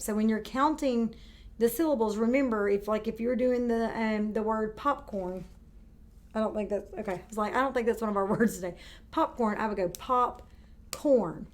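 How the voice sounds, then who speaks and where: A woman teaching a kindergarten video lesson, speaking slowly and clearly and stretching out words for young children. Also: fairly high pitch.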